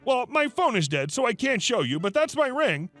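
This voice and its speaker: A man putting on a shrill, pushy lying woman. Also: moderate pace, soft background music, exaggerated voice. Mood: demanding. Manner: high, excited, demanding.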